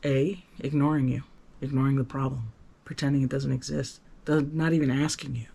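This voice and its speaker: A man talking candidly to the camera in a personal vlog, earnest and rambling, with many restarts and sudden swings from soft to emphatic. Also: mid-range voice, little pitch movement, brisk, creaky, slight background noise. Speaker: vlogger.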